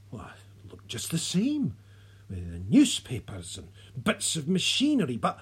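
A narrator reading a story aloud in a soft, unhurried way, sometimes dropping to a whisper. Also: mid-range voice, breathy edge. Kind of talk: audiobook narration.

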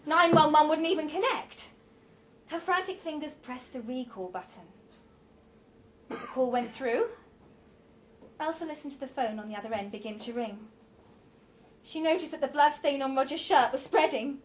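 A woman's voice: high-pitched, expressive, moderate pace, pauses often, slight background noise. A woman reading a story aloud with a dramatic, varied delivery.

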